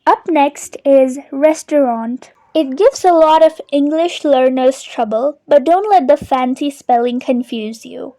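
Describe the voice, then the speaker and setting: High-voiced young woman teaching pronunciation. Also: warm tone. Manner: clear, deliberate, repeats words slowly. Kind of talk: explanatory video lesson.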